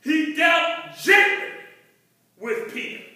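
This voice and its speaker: A man preaching a rhythmic sermon to his congregation, building to shouted refrains, recorded from far off in a church. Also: very high-pitched, lively intonation, takes it slowly, very echoey. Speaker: pastor. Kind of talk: call-and-response sermon. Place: church sanctuary.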